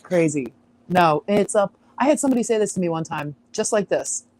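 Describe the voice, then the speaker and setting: A playful woman hosts a casual live-stream chat, her voice swinging widely up and down as she chimes in. She is chatty and quick to laugh, with a faint hiss in the background. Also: fairly low pitch, expressive, darkish tone, poor audio.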